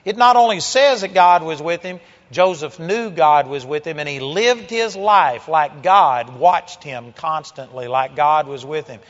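A male preacher with a high voice delivers a sermon, swinging from hushed passages to loud, driving exhortations. The recording is dull and muffled, with a long echo trailing off the walls of a large church. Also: unhurried, hardly any pauses. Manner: forceful, emphatic preaching with sudden loud exhortations.

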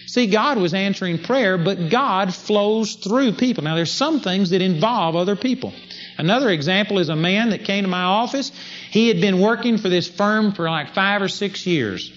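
A man's voice: sits high, a bit bright, slight background noise. A man preaching a sermon, telling stories and acting out the prayers he quotes. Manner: storytelling, acts out quoted prayers in a raised voice. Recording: dull lo-fi recording with faint ambience.

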